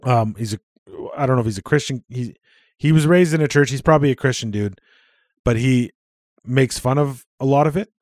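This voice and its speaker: A man trades casual podcast banter, dropping swear words and laughing easily. His voice sits mid-pitch. The sound is dry and close with no room behind it. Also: a little fast, a little mellow, dry recording. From Canada. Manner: chatty, swears freely, laughs often. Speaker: podcast co-host. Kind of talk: casual chat.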